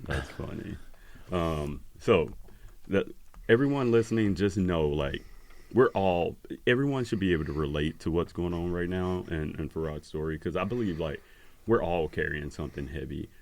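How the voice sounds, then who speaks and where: A man hosting a podcast in casual conversation, earnest and encouraging, speaking with pauses. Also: sits low, animated, darkish tone, dry recording. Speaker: podcast host.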